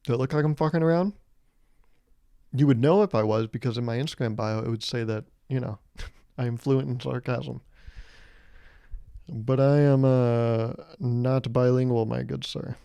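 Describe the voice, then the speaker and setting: A man's voice: medium pitch, fairly even intonation, moderate pace, creaky, long pauses, dark tone, clean tone, no room sound, clean studio sound. A young man in his twenties hosting a solo comedic podcast, rambling sarcastically, swearing freely and acting out little scenes. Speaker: podcast host.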